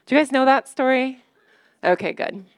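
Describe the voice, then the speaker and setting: A woman's voice: high voice, normal speed. A woman in her thirties gives a casual sermon to a church gathering. She is chatty and self-deprecating and laughs easily at her own jokes. Her voice is dry and close, with no room echo. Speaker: church speaker.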